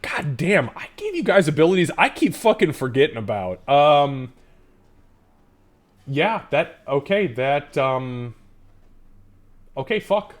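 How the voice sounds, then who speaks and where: A man running a live tabletop game as game master, narrating and swearing freely in an animated way. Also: a little high, slow pace, long pauses.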